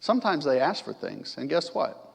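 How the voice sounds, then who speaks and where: A middle-aged man delivers a sermon in a conversational way, often turning to the congregation with questions. His voice sits a little high for a man. The sound carries a long reverb from the church sanctuary. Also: big pitch swings, moderate pace, vocal fry, slightly rough. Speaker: preacher.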